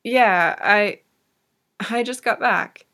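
A nervous young male skater who speaks hesitantly and softly, as a woman reader voices him. He is a figure in a fan audiobook, with a mid-range voice. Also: mid-range voice, drawn-out words, heavily acted.

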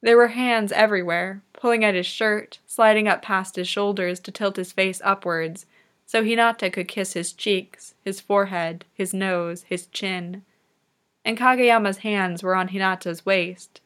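A woman reading fan fiction aloud in soft, unhurried narration. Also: mid-range voice, fairly even intonation, clean tone. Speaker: reader.

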